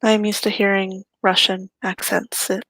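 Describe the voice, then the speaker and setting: A woman's voice: mid-range voice, level tone, unhurried, a bit bright, no echo, poor audio. A woman playing a tabletop role-playing game, speaking politely and explaining in character. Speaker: tabletop role-play player.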